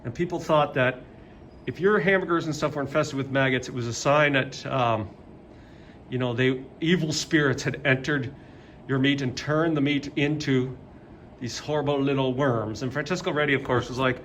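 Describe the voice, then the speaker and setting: A man's voice: medium pitch, normal speed, a bit bright, a little hiss or hum. A man teaching a casual video lesson, joking and rambling with many fillers.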